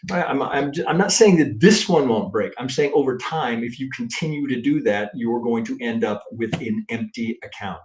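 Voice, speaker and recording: A man teaching trading in a live-stream chart review, thinking aloud in a blunt, profane way and tagging his points with a quick "right?". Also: mid-range voice, noisy background. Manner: thinks aloud, counts waves, restarts often. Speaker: trading instructor.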